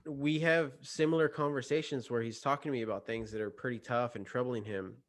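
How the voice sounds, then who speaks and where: A man's voice: mid-range voice, fairly even intonation, brisk. A man hosts a podcast conversation and shares candid personal stories. He speaks in a reflective, earnest way. He often stops and restarts his sentences as he thinks. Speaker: podcast host.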